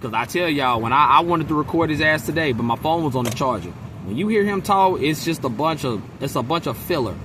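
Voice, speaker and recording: A man's voice: mid-range voice, lively intonation, brisk, fairly bright tone, slight background noise. A man venting in a casual monologue to camera, blunt and profane, mimicking his coworkers. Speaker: vlogger.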